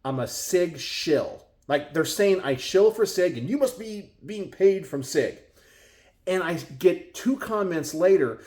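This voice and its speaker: A man's voice: lively intonation, measured pace, darkish tone. A middle-aged man with a Texan accent, talking casually to his viewers from his garage, exasperated and full of rhetorical questions. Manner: exasperated, rhetorical, mimics others in high voices. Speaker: gun channel host. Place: home garage.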